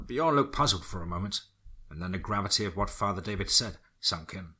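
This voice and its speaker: A man narrating a dark horror story in a steady storytelling manner. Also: fairly quick, husky. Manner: steady storytelling, drops low for grim lines.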